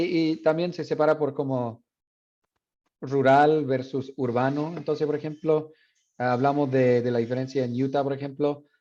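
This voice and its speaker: A man's voice: mid-range voice, dark tone, muffled recording. A man in his thirties teaching a university class, switching between Spanish and English with frequent restarts. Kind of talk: classroom lecture.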